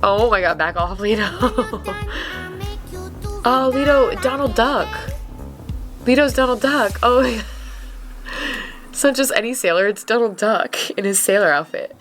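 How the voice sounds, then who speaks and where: A young woman hosting a reaction video, chatting casually and gushing excitedly, with the odd swear. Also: on the high side, normal speed, soft background music.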